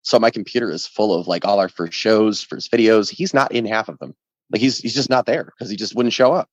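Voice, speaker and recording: A man's voice: fairly low pitch, fairly quick, no echo. Man telling a story, lo-fi and dry. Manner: animated, profane storytelling. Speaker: ska band member, guest. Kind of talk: casual podcast interview. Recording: dull lo-fi sound, dry.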